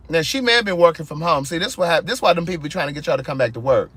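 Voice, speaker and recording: A man telling a story in casual vlog style from his car, animated and exasperated, acting out both sides of his phone calls. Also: fairly high pitch, very fast, few pauses, breathy edge, no room sound. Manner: sassy, exasperated. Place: inside a car.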